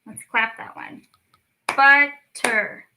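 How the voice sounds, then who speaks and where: A woman leading a children's storytime lesson, speaking slowly and clearly with encouraging teacher talk. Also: on the high side, animated, background noise. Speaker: speech clinic storyteller.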